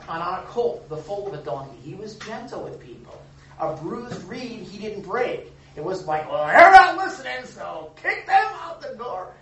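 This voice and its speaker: A man pastor delivers a lively, conversational sermon. He is heard from a distance in an echoey room with faint ambience behind him. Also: sits high, a little hiss or hum. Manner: animated, acts out quoted voices, chuckles. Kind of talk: sermon with congregation. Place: church or meeting room.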